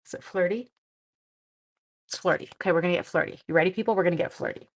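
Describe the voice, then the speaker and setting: A woman's voice: on the low side, fast talker. Chatty woman hosting a craft live stream. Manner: chatty, greets viewers by name, talks to her dog. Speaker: stamping demonstrator and live stream host.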